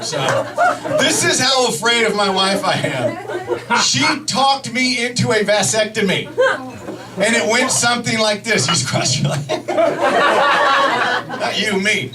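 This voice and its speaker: A man's voice: very high voice, animated, takes it slowly, long pauses, noisy background. A man performing live stand-up comedy, telling a story animatedly, with frequent restarts. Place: comedy club stage. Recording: distant mic, loud audience laughter.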